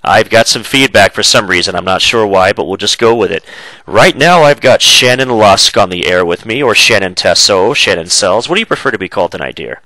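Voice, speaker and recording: A congested man hosts a casual web radio talk show, chatty and loose, with plenty of filler pauses. His voice is low-pitched and bright, and it sounds dry and close. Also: lively intonation, dry recording, poor audio.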